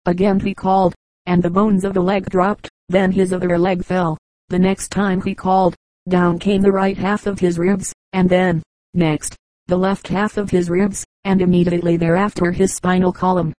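Calm, even-voiced woman reading folk tales. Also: lowish voice, moderate pace, dry recording, rough recording. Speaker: audiobook reader. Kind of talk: scripted narration of folk tales.

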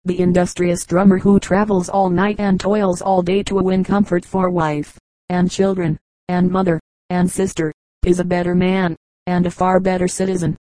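A woman narrating an audiobook in a measured, orotund reading style. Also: lowish voice, little pitch movement, warm tone, no echo, rough recording. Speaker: audiobook reader.

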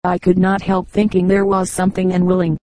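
A woman narrating an audiobook in a steady, measured reading. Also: on the low side, no room sound, poor audio. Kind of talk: scripted narration.

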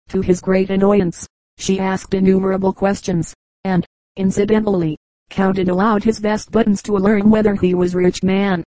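A woman narrates a book of short jokes in a measured, even reading. Her voice is mellow and warm at a middling pitch, recorded close and dry with no room around it. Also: no echo, rough recording. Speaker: audiobook reader. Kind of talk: scripted narration.

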